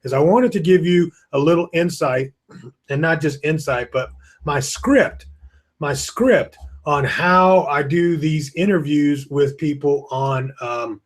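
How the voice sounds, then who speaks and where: A man's voice: on the high side, slow. Man, casual live webinar host, rambling, tired, yawning, webcam audio. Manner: chatty, rambling, greets viewers by name. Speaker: online course host. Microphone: webcam with screen beside it.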